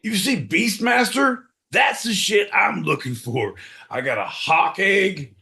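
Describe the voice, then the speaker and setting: A man's voice: high-pitched, animated, slow pace, vocal fry, sharp tone. A man co-hosting a podcast in rowdy, profane casual chat, breaking into mock-announcer bits. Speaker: podcast co-host.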